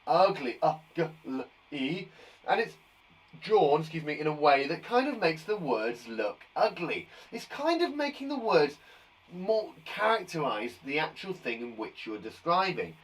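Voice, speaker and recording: A man's voice: on the high side, big pitch swings, a little slow, distant mic. A man teaching a live online lesson to young children, upbeat, chatty and encouraging. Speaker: primary school teacher.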